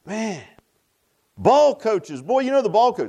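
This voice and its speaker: An older man preaching with folksy, animated energy, often circling back over the same phrase. His voice sits a little higher than most men's. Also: slow, pauses often. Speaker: pastor. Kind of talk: sermon.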